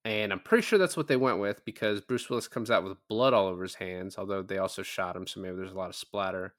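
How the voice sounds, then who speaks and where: A man's voice: deep voice, quick pace, few pauses, a bit bright, no echo, studio quality. A man co-hosting a podcast, casually recapping a film, acting out quoted lines and swearing freely. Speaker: podcast co-host. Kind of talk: casual movie recap chat.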